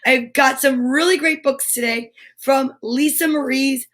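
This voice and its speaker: A woman's voice: high-pitched, fairly even intonation, unhurried, fairly bright tone. A woman hosting a live children's storytime, upbeat and encouraging as she leads affirmations and reads picture books aloud. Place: home studio for a live stream.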